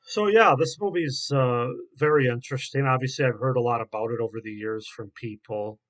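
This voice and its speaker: A man reviewing a horror film in a casual, halting way, with many fillers and restarts. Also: medium pitch, a bit bright.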